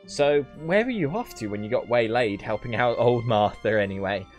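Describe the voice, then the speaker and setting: Man voicing a motherly old country grandma, West Country accent, sing-song, chatty, lively pitch. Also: normal speed, soft background music, lightly acted. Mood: cheery fussing. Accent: West Country English. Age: older.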